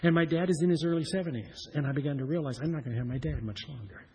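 Very husky man preaching a story. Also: fairly high pitch, very fast. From Iowa, USA. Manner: earnest, repetitive storytelling that swells louder when emphatic. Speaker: pastor. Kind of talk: personal storytelling sermon.

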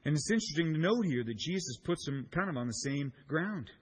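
Husky-voiced middle-aged pastor telling a story. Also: male voice, on the high side, expressive, fairly quick. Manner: playful storyteller, acts out voices and sound effects. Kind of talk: sermon with a humorous personal story. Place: church.

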